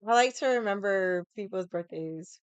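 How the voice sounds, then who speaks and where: A woman's voice: medium pitch, moderate pace, smooth, no room sound. A young adult woman streamer chatting casually with her viewers, rambling and swearing often. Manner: rambling, swears a lot, many likes.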